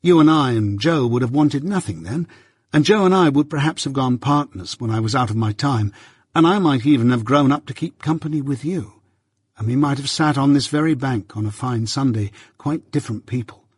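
A man's voice: mid-range voice, normal speed, husky, dry recording, pitched above the performer's own voice, close to an everyday voice. A man voicing a restless, discontented young apprentice who speaks earnestly and impatiently in an audiobook. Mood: self-pitying. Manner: earnest, impatient and self-pitying. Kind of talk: audiobook character voice.

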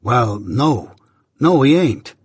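Brief: man voicing a plain-spoken rustic blacksmith, slow and thoughtful, husky storybook voice. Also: medium pitch, big pitch swings, no room sound, studio quality, heavily acted. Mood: meditative. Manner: slow, meditative, rustic grammar. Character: kindly simple village blacksmith, slow and plain.

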